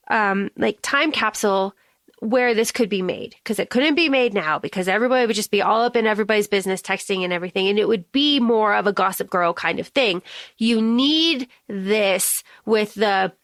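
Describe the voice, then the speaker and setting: A woman's voice: mid-range voice, fairly bright tone, no room sound. Chatty woman co-host, dry close mic. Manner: chatty, swearing, many fillers. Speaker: podcast co-host. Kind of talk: casual chat.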